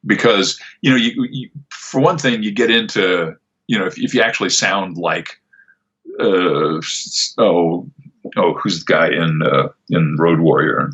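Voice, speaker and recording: A man's voice: sits low, a little slow, a bit bright, husky, muffled recording. An older man, a voice actor, chatting in an interview with a rambling, restart-heavy manner. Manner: rambling, many fillers and restarts. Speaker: voice actor, guest. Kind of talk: casual interview answers.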